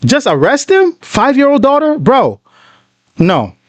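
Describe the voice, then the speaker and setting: A man's voice: very high-pitched, huge pitch swings, measured pace, no room sound. A man hosting a casual reaction commentary, talking emphatically and indignantly, often calling the listener "bro". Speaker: reaction video host.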